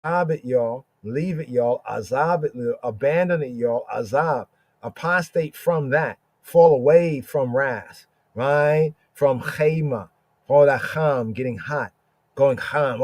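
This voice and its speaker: A man teaching scripture on a casual podcast. He checks in with "right?" again and again and draws out Hebrew words slowly. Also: medium pitch, darkish tone, no room sound. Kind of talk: informal scripture study podcast.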